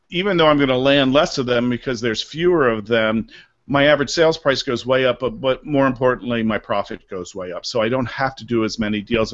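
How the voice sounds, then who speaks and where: A middle-aged man on a video call tells stories with animated energy and acts out short asides as he goes. His voice sits at an ordinary male pitch, and the call audio is a bit dull and lo-fi. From Maryland, USA. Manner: lively, animated storytelling with acted-out asides. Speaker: real estate broker, guest. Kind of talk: interview over a live video call.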